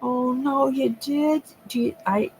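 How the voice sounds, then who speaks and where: Chatty woman with a gravelly voice. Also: high-pitched, slow, a little mellow, a little hiss or hum, poor audio. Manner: chatty, swears freely, laughs often. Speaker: livestream host. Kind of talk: casual chat with live viewers.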